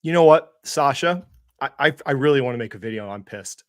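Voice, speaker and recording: A man's voice: medium pitch, lively intonation, a little fast, dry recording, studio quality. A man co-hosting an investing livestream, ranting with sarcasm, swearing and mocking impressions. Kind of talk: heated casual chat.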